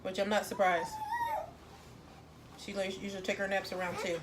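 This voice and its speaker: A woman's voice: medium pitch, flat delivery, moderate pace. Casual woman, home eating vlog, talking to viewers while she eats, music playing behind her. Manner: chatty, talks to viewers between bites. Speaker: mother and mukbang vlogger. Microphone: phone on a tripod.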